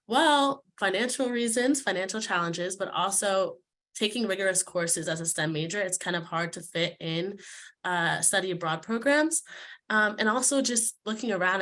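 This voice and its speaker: A woman's voice: fairly low pitch, bright, forceful tone. A young woman giving a heartfelt, slightly emotional prepared talk as a student speaker. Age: young adult. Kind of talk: prepared speech.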